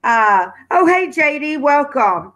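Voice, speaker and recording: A woman's voice: sits high, big pitch swings, slow, a bit bright. A woman co-hosting a casual livestream chat, plugging other channels in a chatty way. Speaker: co-host.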